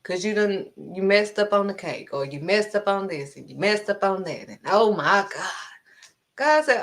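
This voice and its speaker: A woman's voice: mid-range voice, lively intonation, normal speed, fairly bright tone. A woman giving an informal devotional message, emphatic and scolding, hammering her points home with short blunt words. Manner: informal, conversational preaching. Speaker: preacher.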